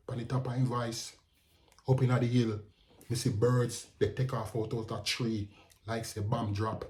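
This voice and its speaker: A man's voice: medium pitch, a little slow. A man with a Jamaican accent telling a story in a casual, indignant tone that slips into patois. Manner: animated, indignant retelling, slipping into patois. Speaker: vlogger.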